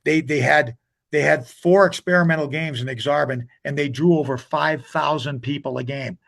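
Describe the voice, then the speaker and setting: A man's voice: a little high, steady tone, moderate pace, gravelly, fairly bright tone. An older man, a hockey coach telling long stories as an interview guest, rambling with many restarts. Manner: rambling, retells conversations with many restarts and "he goes".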